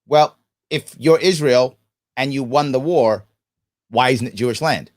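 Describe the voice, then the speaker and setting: A man's voice: medium pitch, measured pace. A man hosting a live stream, reading viewer comments and giving emphatic commentary, acting out the quoted voices. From United States. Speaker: host.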